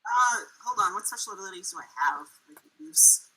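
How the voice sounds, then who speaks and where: High, bright-voiced woman player. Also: expressive, fast, breathy edge, low-quality recording. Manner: casual, swears freely. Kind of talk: tabletop role-play chat.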